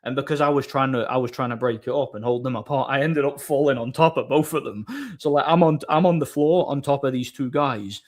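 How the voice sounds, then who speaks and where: A man's voice: mid-range voice, brisk. A man hosting a live stream, chatting casually and telling a story with many restarts and crude, blunt banter. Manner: rambling storyteller, frequent restarts.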